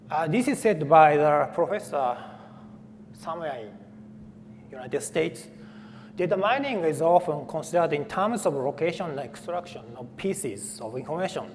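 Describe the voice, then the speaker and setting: A man presents a technical talk at a conference. His voice sits slightly high, and he pauses often with fillers and restarts. The sound carries a faint reverb from the hall and light background noise. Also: a little mellow. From Japan. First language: Japanese. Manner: halting, with frequent fillers and restarts. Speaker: conference speaker.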